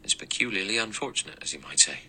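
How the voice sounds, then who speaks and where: A man voicing an anxious, deferential middle-aged manservant who speaks in a low murmur. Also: expressive, fast, sharp tone, slight background noise, exaggerated voice, low-quality recording.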